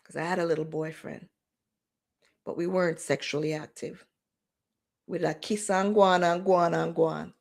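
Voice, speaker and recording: A woman, hosting a livestream and telling a personal story in a candid, emotional way with lively quoted dialogue. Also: on the low side, normal speed, gravelly, pauses often. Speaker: livestream host.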